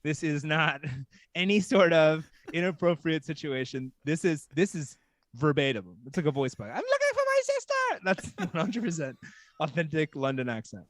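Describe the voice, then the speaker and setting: A man from small-town Texas telling a casual story as a podcast guest, animated and full of "like". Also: on the high side, normal speed, no echo. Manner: animated, heavy use of "like".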